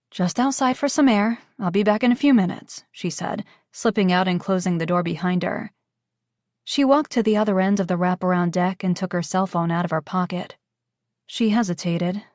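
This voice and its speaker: A woman narrates an audiobook in a calm, even reading. Her voice sits on the low side and sounds dry and close, with no room around it. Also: no echo. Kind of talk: scripted narration.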